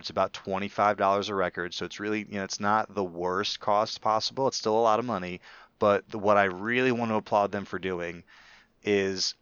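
A man's voice: fairly low pitch, a bit bright, clear, resonant tone, no room sound, muffled recording. A man in casual podcast chat, talkative and rambling with many restarts. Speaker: podcast co-host.

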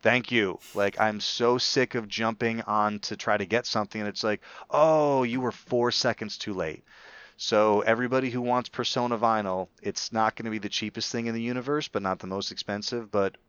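A man's voice: fairly low pitch, fairly even intonation, brisk, hardly any pauses, fairly bright tone, clean tone, no echo, muffled recording. A man in casual podcast chat, talkative and rambling with many restarts. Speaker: podcast co-host.

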